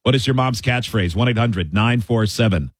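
A man's voice: mid-range voice, normal speed, no room sound. A man co-hosting a casual studio chat, reading out listener messages and laughing easily. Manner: reads listener texts aloud, laughs easily.

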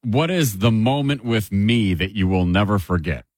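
Low husky deadpan man. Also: moderate pace, no room sound, studio quality. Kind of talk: casual group chat.

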